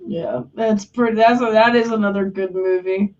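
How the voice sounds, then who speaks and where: A woman's voice: medium pitch, fairly even intonation, normal speed. A woman co-hosting a live stream, chatting casually, swearing freely and filling her talk with "like". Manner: chatty, swears, lots of "like" fillers. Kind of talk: casual chat. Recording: distant, dull lo-fi mic.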